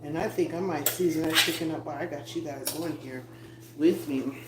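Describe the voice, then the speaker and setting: A woman's voice: low-pitched, fairly quick. A woman livestreaming from her home kitchen, chatting casually to her viewers and laughing while she cooks and moves around. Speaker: vlogger cooking on a livestream. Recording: echoey room, voice drifting off-mic, noisy.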